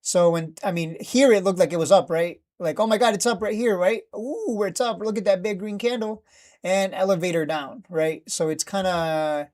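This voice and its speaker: A man's voice: high-pitched, moderate pace, darkish tone. Guy ranting on a live trading stream, swears a lot, keeps repeating himself, fed up, desk mic. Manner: blunt, profane, exasperated, repeats himself.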